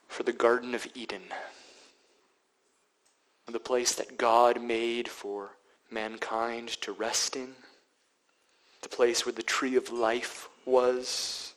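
A male pastor preaching a sermon, dropping to hushed whispers and then building to loud, emphatic passages. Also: mid-range voice, low-quality recording.

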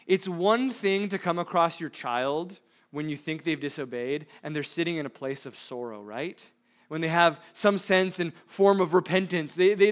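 A man preaching a sermon, emphatic, with frequent rhetorical questions, swinging between loud stresses and hushed asides. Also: a little high. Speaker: pastor.

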